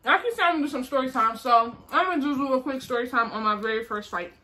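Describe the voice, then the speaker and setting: A young woman vlogger telling a story in casual chat, animated and acting out the people in it. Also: high-pitched, quick pace. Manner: animated, acts out voices in her story.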